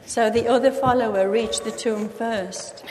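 A woman reading a Bible story aloud in a steady storytelling manner. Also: a little high, a little slow, big-room sound, a little hiss or hum. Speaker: reader.

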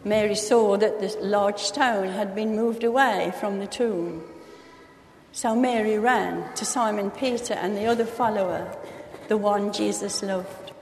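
A woman reading a Bible story aloud in a steady storytelling manner. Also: medium pitch, measured pace, big-room sound, slight background noise. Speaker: reader.

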